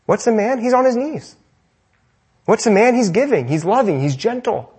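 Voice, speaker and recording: A young man preaching a sermon to men, with emphatic repeated rhetorical questions, swinging between loud and soft, and ending in prayer. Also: high-pitched, big pitch swings, normal speed, breathy edge.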